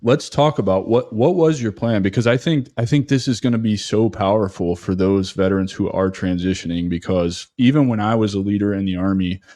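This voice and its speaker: A man's voice: lowish voice, brisk, hardly any pauses, dark tone, dry recording, studio quality. A male podcast host talking emphatically in a conversational interview, often repeating his words while he thinks.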